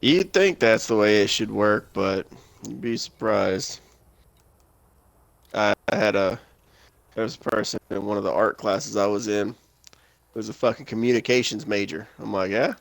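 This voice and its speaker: A man's voice: lowish voice, normal speed, gravelly, long pauses, no echo. A young man streaming a game, bantering with a friend in a profane, joking way. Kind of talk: casual gaming chat.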